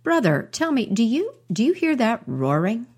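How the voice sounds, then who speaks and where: A woman's voice: fairly high pitch, very animated, normal speed, a little mellow, breathy edge, pitched above the performer's own voice, full character voice. A woman voicing a shy, curious little male mouse in a storybook tale, talking hesitantly and stammering. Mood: timid.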